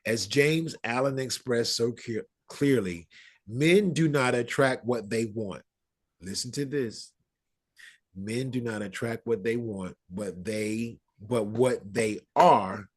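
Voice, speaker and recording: Husky-voiced man teaching a class. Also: on the low side. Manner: conversational, checks in with the audience; acts out everyday quotes. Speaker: spiritual teacher. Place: room with a live audience.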